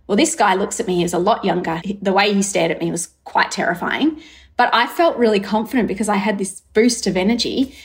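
An Australian woman, a brand founder, telling a long story in an interview, acting out her thoughts with lively quoted asides. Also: mid-range voice, fast talker. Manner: lively, acts out her own thoughts in quotes, many fillers. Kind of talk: animated storytelling in conversation.

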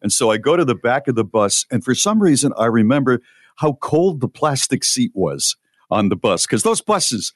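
A man co-hosting a radio show, telling stories in casual, earnest chat with halting restarts. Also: mid-range voice, sing-song, no echo, studio quality.

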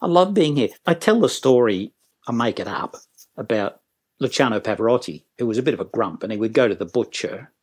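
Jokey trainer, full of energy. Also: male voice, mid-range voice, animated, fairly quick, a little mellow, breathy edge. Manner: enthusiastic, jokey, puts on voices. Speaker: business trainer and storyteller. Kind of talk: interview guest.

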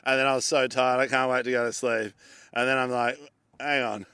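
An Australian man, a comedian and podcast co-host, telling a long story in casual chat, animated and swearing freely as he acts out the people in it. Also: mid-range voice, fairly quick, clear, resonant tone, no echo.

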